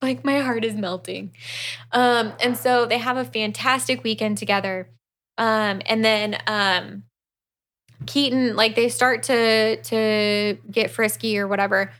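A woman's voice: fairly high pitch, steady tone, measured pace, a bit bright. A woman co-hosting a podcast, recapping a book in casual chat. She acts out the characters' lines and swears freely. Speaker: podcast co-host.

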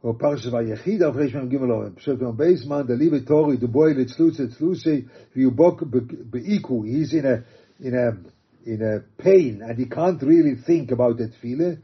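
A man teaching a religious text, reading quotes aloud and explaining them halting restarts. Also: mid-range voice, breathy edge. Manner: reads Aramaic and Hebrew quotes then explains in English, halting restarts. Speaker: Torah teacher. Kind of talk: text study lecture. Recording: dull lo-fi recording.

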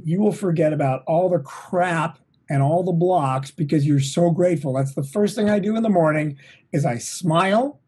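A middle-aged man, a touring drummer, talking as an interview guest in an energetic, motivational way, swearing now and then. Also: on the high side, husky. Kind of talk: casual interview. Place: home, at a desk.

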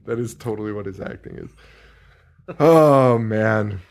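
A young man co-hosting a podcast in casual chat, animated and jokey, swearing freely and slipping into mock voices. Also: fairly low pitch, unhurried, creaky. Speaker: podcast co-host.

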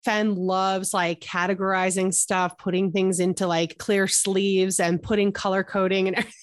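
A woman's voice: medium pitch, little pitch movement, moderate pace, dry recording, clean studio sound. A woman co-hosting a podcast, chatting casually and telling candid personal stories with laughter. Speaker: podcast co-host. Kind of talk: casual chat.

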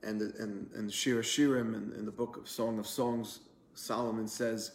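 A rabbi leads an online lunch-and-learn Torah class, telling a story in a conversational way with earnest energy and lots of fillers. His voice sits on the low side, with a flat delivery and a moderate pace. The recording is reverberant, with slight background noise.

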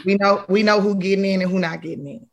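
A woman speaking as a board member, announcing results in a brisk, casual, playful way. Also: medium pitch, fairly even intonation, muffled recording. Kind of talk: lively celebration announcement.

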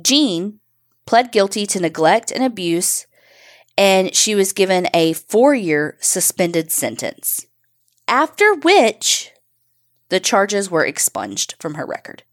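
A woman's voice: medium pitch, sing-song, takes it slowly. A woman co-hosting a podcast, bluntly recounting a true crime case and swearing. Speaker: podcast co-host.

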